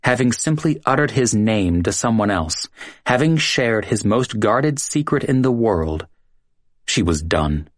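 A man's voice: fairly low pitch, expressive, measured pace, dry recording, clean studio sound. Man narrating a dramatic story.

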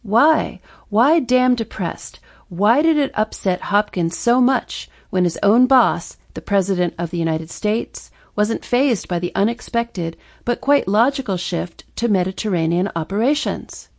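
A woman reading nonfiction history as an audiobook narrator, measured and deliberate, stressing pointed rhetorical questions. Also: medium pitch, lively intonation, gravelly.

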